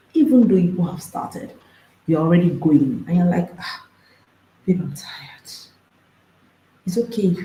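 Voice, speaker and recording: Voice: medium pitch, warm tone, roomy sound, slight background noise, rough recording. A marriage and intimacy coach, speaking to an audience, emphatic and repeating phrases, firing off rhetorical questions.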